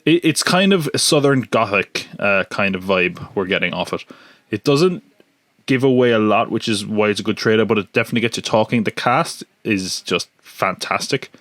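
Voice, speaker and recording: A man's voice: fairly low pitch, animated, normal speed, fairly bright tone, no echo. A man hosting a casual solo podcast, chatty and joking, with lots of fillers and restarts. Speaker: podcast host.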